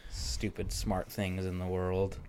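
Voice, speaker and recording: Rambling low-voiced male podcast host. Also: slow, a crowd in the background. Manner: rambling, animated storytelling. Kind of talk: casual chat.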